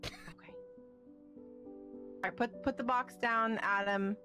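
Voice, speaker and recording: A woman's voice: fairly high pitch, steady tone, slow, sharp tone, soft background music. A woman playing a police officer in an improvised game role-play, bantering in a wry way.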